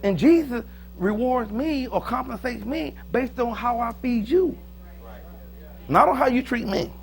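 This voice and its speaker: A pastor preaching a sermon in a joking, lively manner, with sudden loud, high bursts. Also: male voice, measured pace, vocal fry. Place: church.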